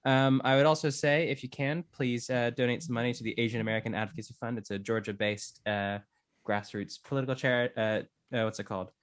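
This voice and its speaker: A man's voice: medium pitch, fairly even intonation, quick pace, clean tone, dry recording, clean studio sound. A man on a video call, talking gratefully while searching for words with many fillers. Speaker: cast member. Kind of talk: casual chat on a video call.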